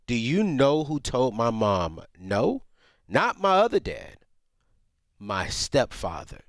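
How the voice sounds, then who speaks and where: A man's voice: mid-range voice, no echo, clean studio sound. A man co-hosting a radio advice show, speaking with heartfelt passion to a caller. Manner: passionate, heartfelt, many restarts.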